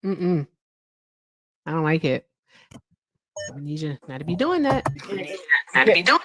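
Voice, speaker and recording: A woman's voice: sits low, big pitch swings, measured pace, fairly bright tone, dry recording. A woman hosting a live stream, chatting in a playful, teasing way and laughing often. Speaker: livestream host. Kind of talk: casual live-stream chat.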